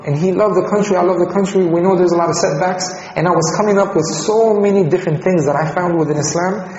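A man's voice: high-pitched, fast, a little mellow, a little hiss or hum. A man from Colombia telling his personal conversion story in a conversational way, often repeating words. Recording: echoey hall, dull lo-fi sound.

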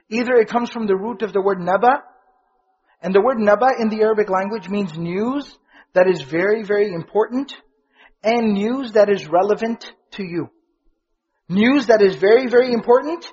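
High-voiced, husky man teaching a lesson. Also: darkish tone, highs cut off. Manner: explanatory, asks and answers his own questions; fluent Arabic terms, repeats key phrases for emphasis. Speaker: Islamic teacher. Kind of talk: religious lecture explaining prayer words.

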